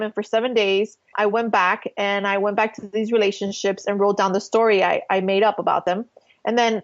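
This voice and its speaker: Podcast guest, woman, somewhat high voice; heartfelt, rambling spiritual storyteller, muffled lo-fi sound. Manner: earnest, emotional, spiritual storytelling with many fillers. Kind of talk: casual interview storytelling.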